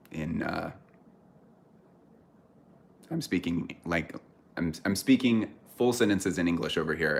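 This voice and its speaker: Man, American accent, deep low voice, casual livestream chat, rambling, self-correcting. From United States. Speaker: streamer chatting with viewers.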